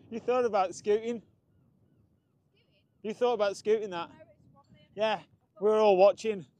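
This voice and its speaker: A man's voice: high-pitched, fairly even intonation, unhurried, long pauses, warm tone. Chatty man livestreaming outdoors. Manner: chatty, greets viewers by name. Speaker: livestream host. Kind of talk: casual livestream chat. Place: outdoors in sunshine.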